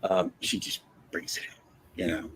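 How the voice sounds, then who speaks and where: A man hosting a livestream, telling a personal story in a blunt, profane, animated way. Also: sits low, moderate pace, a little hiss or hum. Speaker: livestream host. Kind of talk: casual storytelling chat.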